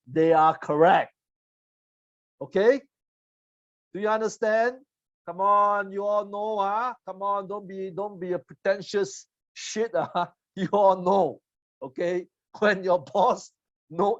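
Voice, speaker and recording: A man's voice: sits high, takes it slowly, no echo. Brief: forties male trainer, blunt teasing seminar delivery, dry dull lo-fi sound. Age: 40s. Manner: blunt, teasing, swings between loud and quiet. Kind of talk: motivational seminar talk. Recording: dull lo-fi audio.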